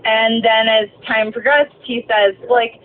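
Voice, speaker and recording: A woman's voice: fairly high pitch, flat delivery, a little slow, a little hiss or hum. A woman bus driver, telling a story in a swearing, filler-heavy rant while driving. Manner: ranting, swearing, many fillers. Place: inside a moving bus. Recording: tinny lo-fi phone recording.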